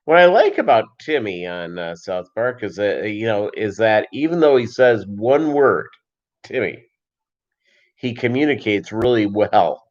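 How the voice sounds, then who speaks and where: A man with a fairly low voice chats loosely on a livestream, wandering between topics with lots of fillers and pauses. The sound is dull and lo-fi, like cheap stream audio. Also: very animated. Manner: rambling, many fillers and pauses, reads chat aloud. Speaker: livestream host. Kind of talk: casual livestream chat.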